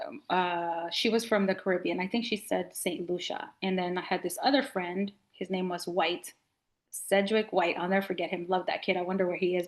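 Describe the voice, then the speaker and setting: Middle-aged woman from nicaragua chatting on a podcast, animated storyteller doing everybody's lines. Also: medium pitch. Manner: animated storyteller acting out quotes. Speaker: podcast guest. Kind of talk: storytelling in casual interview.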